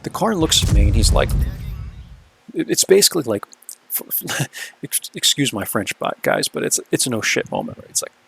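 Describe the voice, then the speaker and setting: A man's voice: medium pitch, sing-song, normal speed, vocal fry, a bit bright, breathy edge, no room sound. A man casually talking through replays of his own games as the video's host, laid-back and chatty, often checking in with "right?".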